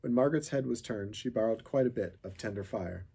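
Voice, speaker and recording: A man reading a children's chapter book aloud, with steady storytelling narration. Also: fairly low pitch, brisk, gravelly, husky. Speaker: reader of a children's novel.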